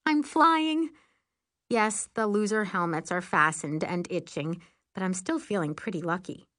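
A woman narrating a first-person audiobook in a lively, wry, expressive way. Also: lowish voice, normal speed, no room sound, studio quality.

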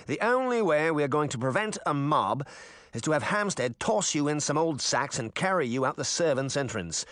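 A man's voice: fairly high pitch, sing-song, normal speed, a bit bright, no room sound, clean studio sound. A man voicing a smug, scheming prince in an audiobook, with a cold, sneering delivery. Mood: scornful. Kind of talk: audiobook character reading.

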